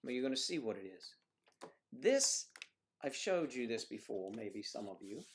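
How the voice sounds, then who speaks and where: A man's voice: medium pitch, expressive, fairly quick, slight background noise. A man hosting a casual livestream, chatting in a joking, rambling and playful way. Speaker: livestream host.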